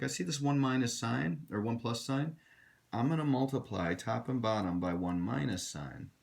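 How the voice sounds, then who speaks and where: A man teaching a recorded math lesson, direct and instructive, talking to his students. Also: fairly low pitch. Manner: direct, instructive, addresses students as you guys.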